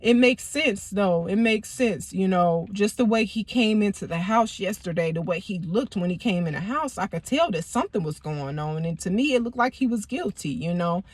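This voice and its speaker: Casual woman narrating her own drama, mid pitch, lots of "you know", dead dry sound. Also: animated, normal speed, hardly any pauses, no echo. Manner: conversational, peppered with "you know" and profanity. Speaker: vlogger. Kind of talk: casual storytime chat.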